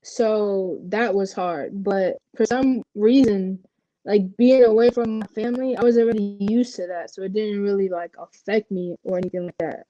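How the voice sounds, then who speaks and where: Young woman from Puerto Rico, interview guest, candid storytelling, dark dull dry sound. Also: medium pitch, moderate pace, no echo. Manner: candid, animated storytelling with many fillers. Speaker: interview guest, professional basketball player. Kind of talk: casual interview conversation.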